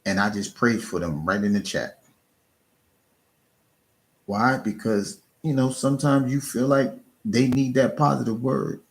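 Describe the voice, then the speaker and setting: A man streaming live, giving casual, earnest encouragement to his chat, often restarting and repeating words. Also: mid-range voice. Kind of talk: casual motivational talk.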